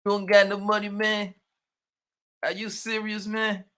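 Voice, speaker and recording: A livestream host with a high-pitched, monotone voice speaks in an unhurried way. His tone is a bit bright, clear and resonant as he reads viewer names, greets them and teases them in casual, slangy banter.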